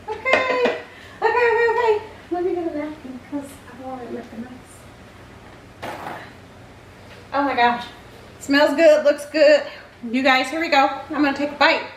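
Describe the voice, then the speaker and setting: A woman's voice: high-pitched, a little hiss or hum. A woman hosting a casual home cooking vlog, chatty and exclaiming as she tastes her food in her kitchen. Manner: chatty, exclaims while tasting. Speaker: cooking channel host. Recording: roomy kitchen, mic at a distance.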